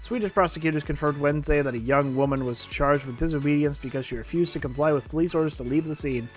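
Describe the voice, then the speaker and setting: A man's voice: a little high, fast talker, soft background music. A man co-hosting a podcast, reading out news stories in a matter-of-fact way. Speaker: podcast co-host. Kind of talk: casual chat and reading news aloud.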